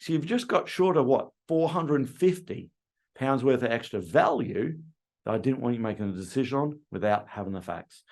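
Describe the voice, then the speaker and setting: Speaking at a normal speed in a slightly high voice, this middle-aged man from Australia coaches car sales staff. He animatedly role-plays phone conversations with customers, quoting them as he goes.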